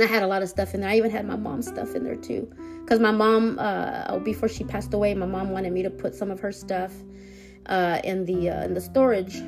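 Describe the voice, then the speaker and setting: A woman speaks alone on her podcast in a gravelly, creaky voice of middle pitch. She talks haltingly, keeps restarting her sentences, and circles back to the same thoughts. Faint guitar music plays softly behind her. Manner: halting, hesitant, full of restarts. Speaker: podcast host. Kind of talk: personal podcast monologue.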